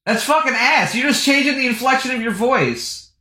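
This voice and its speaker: Young guy streamer, crude scornful reactions, bright voice, echoey room. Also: extremely high pitch, lively intonation, normal speed. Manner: scornful, swearing, breaks into laughter. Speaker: streamer reacting to posts and videos. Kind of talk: casual crude reaction commentary. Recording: roomy echo.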